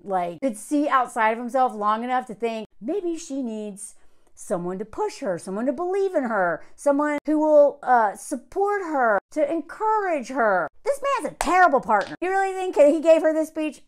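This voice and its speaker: A woman giving a blunt, sarcastic movie review in a casual vlog, sometimes mimicking the characters. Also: high voice. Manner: mocking impressions of characters.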